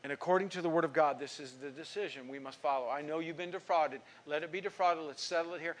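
A man's voice: on the high side, quick pace. Emphatic storytelling preacher man. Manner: storytelling, acting out quoted speech; emphatic preaching with sudden drops to quiet. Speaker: pastor. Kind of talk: sermon.

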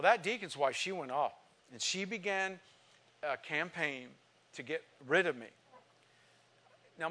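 A man's voice: a little high, fairly bright tone. A male pastor preaching a sermon, telling a personal story with emotion and building to emphatic exhortation. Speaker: visiting pastor.

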